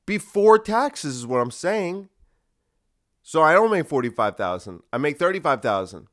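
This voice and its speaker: A man's voice: on the high side, big pitch swings, normal speed. A man hosting a solo podcast, ranting in a sarcastic, profane way. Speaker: podcast host.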